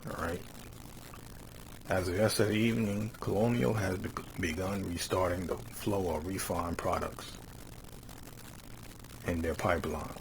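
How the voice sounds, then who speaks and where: A man giving casual commentary, reading quotes slowly and then rising into heated, mocking rants that end phrases with "man". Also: low-pitched, fairly even intonation, slight background noise, rough recording. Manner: drawls "man" at phrase ends. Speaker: religious commentator.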